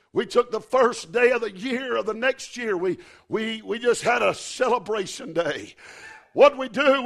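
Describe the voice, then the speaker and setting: Middle-aged pastor, high gravelly voice, storytelling sermon that swells into shouted preaching. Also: male voice. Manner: builds to shouted preaching with "uh, uh" fillers.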